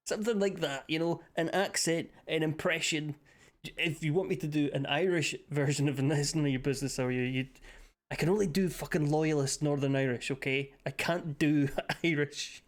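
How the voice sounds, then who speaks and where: A man's voice: on the high side, moderate pace. A man streaming a game live, chatting casually, rambling and swearing between jokes. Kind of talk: casual chat while gaming.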